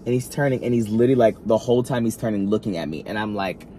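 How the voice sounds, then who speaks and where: A man vlogging a storytime, talking straight to his viewers in an animated, dramatic way, full of asides and restarts. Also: fairly low pitch, very fast, slight background noise. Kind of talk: storytime monologue.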